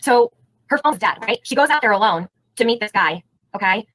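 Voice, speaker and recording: A woman's voice: on the high side, expressive, a little fast, fairly bright tone, no room sound, rough recording. A woman hosting a live stream, giving heated, indignant commentary and firing rhetorical questions at her chat. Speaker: livestream host.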